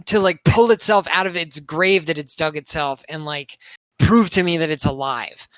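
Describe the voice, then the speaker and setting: A man with a rather high voice talks through a film review in loose, rambling chat. He leans on "like" constantly and swears freely. The sound is dry and close, with no room around it. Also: moderate pace, fairly bright tone, smooth, dry recording. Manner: rambling, heavy on filler words, swears a lot. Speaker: podcast co-host reviewing a movie. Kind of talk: casual chat.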